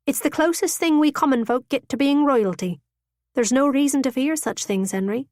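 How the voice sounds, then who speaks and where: A woman voicing a frank, tender young working woman who speaks in a sleepy, husky, breathy voice. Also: high voice, moderate pace, a little mellow, no room sound, clean studio sound, pitched above the performer's own voice, close to an everyday voice.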